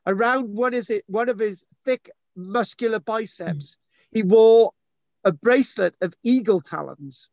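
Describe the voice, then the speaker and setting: A man hosts with a high, jokey voice, teasing his guests and wandering off topic as he reads. The sound is dry and dull, like a lo-fi recording. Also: a little slow, a little mellow, no echo. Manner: teasing, rambling, self-mocking. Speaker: host. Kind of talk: jokey live chat and reading aloud.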